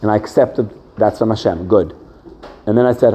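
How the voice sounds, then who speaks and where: Animated man teaching a Torah class. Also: on the low side, moderate pace, slight background noise. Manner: animated, conversational, acts out the voices in his stories. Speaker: yeshiva head teaching a class.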